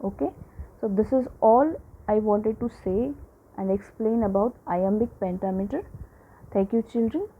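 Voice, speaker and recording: A woman teacher giving a lesson, explaining slowly and repeating points with frequent checks like "okay" and "right". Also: mid-range voice, breathy edge. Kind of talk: classroom lecture. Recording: tinny phone-like audio.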